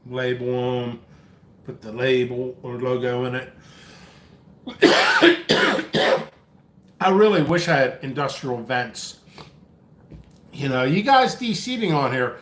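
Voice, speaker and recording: A man's voice: on the high side, fairly bright tone. Rambling, breathless man in an echoey room. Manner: rambling, coffee-fueled, chatty. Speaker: pepper seed seller and channel host. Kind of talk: casual live-stream chat. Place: indoor home workspace.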